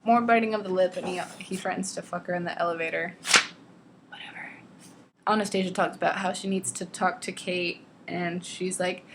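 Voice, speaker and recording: A young woman vlogger reading a novel aloud and ranting about it, sarcastic and exasperated, swearing freely and squeaking high when she mocks lines. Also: fairly even intonation, normal speed, noisy background. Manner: jumps to squeaky high pitch when mocking quotes. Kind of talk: casual ranting book commentary.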